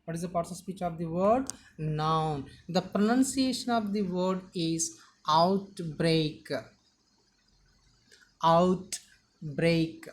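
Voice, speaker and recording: Woman, teacher, slow and deliberate, repeats and stresses syllables. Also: lowish voice. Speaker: English teacher. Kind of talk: slow vocabulary lesson.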